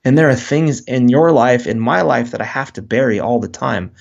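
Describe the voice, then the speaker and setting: A man speaks as a guest in an interview, earnest and open, often stumbling and restarting his thoughts. His voice has a gravelly fry and sits at a middle pitch. The recording sounds dull and lo-fi. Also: moderate pace. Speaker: guest author. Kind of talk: reflective interview talk.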